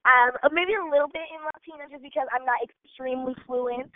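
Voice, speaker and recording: A woman's voice: high voice, quick pace, dry recording. A young woman in her twenties, a gymnast and dancer, chatting casually as an interview guest with lots of fillers. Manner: bubbly, chatty, many fillers. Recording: tinny phone-like line, dry.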